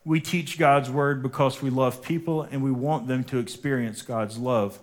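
A man's voice: medium pitch, steady tone, normal speed. A man, a pastor preaching a sermon in a church and calling on the congregation to repeat after him. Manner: emphatic preaching, calls for congregation responses. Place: church sanctuary.

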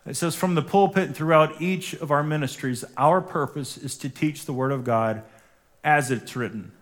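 A man's voice: fairly high pitch, normal speed. Emphatic man preaching a sermon. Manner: emphatic preaching, calls for congregation responses. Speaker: pastor. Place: church sanctuary.

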